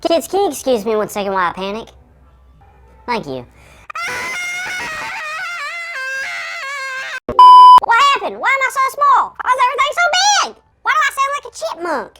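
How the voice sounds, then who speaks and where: A woman voicing a panicky shrunken host with a squeaky, chipmunk-like voice. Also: big pitch swings, fast, over music. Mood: panicked. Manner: frantic and exclamatory.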